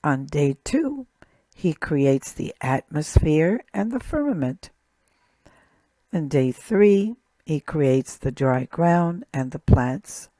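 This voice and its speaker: A woman teaching a recorded language lesson, speaking slowly and deliberately and repeating each word. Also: sits low, big pitch swings, dark tone, dry recording. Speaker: Hebrew teacher.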